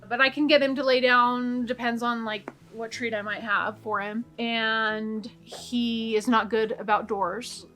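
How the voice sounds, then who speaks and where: A woman talks to her camera at home in a loose, rambling vlog chat. Her voice is bright and forward, and she circles around her points as she goes. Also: mid-range voice. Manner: chatty, rambling, warm-hearted. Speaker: vlogger.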